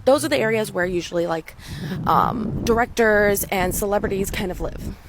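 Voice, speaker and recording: A woman's voice: mid-range voice, moderate pace. Woman with a mild Valley girl accent, blunt and casual rant, swears freely, faint noise behind. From San Fernando Valley, California. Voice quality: frequent "like" fillers, blunt and profane. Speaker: commentator reacting to a film scene. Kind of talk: casual ranting commentary.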